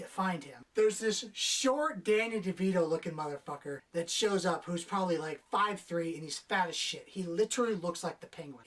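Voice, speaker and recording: A young adult woman with a mid-range, slightly bright voice gives a casual, spoiler-filled movie review. She sounds exasperated and swears, mocking the characters with impressions. The mic is distant.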